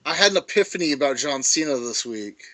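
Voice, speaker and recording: A man co-hosting a podcast in casual chat, blunt, sarcastic and quick to swear. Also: on the high side, animated, over a noisy crowd. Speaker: podcast co-host.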